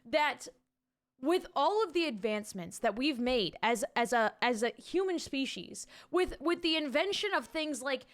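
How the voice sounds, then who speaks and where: Streaming from home, a young woman with a high voice and lively intonation talks at a measured pace. She chats casually, reads chat out loud, and swears freely into a desk mic with a pop filter.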